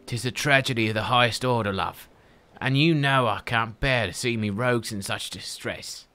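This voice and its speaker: A man's voice: medium pitch, moderate pace, bright, forceful tone, soft background music, close to an everyday voice. A man voicing a jovial, slangy male rogue guildmaster in a video game reading, with a hearty, theatrical delivery.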